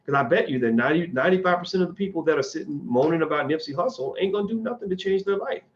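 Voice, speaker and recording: A man whose voice sits on the high side speaks very fast and animatedly through a muffled recording. He's answering viewer questions on a casual livestream, blunt and opinionated, rambling with many restarts.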